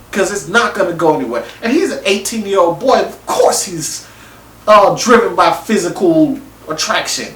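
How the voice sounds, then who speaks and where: Male reviewer, casual and expressive, voice swings up and down, recorded at a distance from the mic. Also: high voice, moderate pace. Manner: animated, acts out reactions, casual slangy talk. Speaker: TV show reviewer. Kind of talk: casual opinion monologue. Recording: echoey room, mic at a distance.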